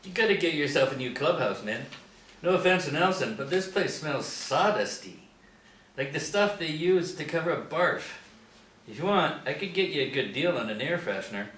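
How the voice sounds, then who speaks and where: A man's voice: a little high, animated, normal speed, a bit bright, a little hiss or hum. A man reads a slick schoolboy wheeler-dealer, smug and always selling. Heard from a distance in a roomy space at a table read. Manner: smug, salesy.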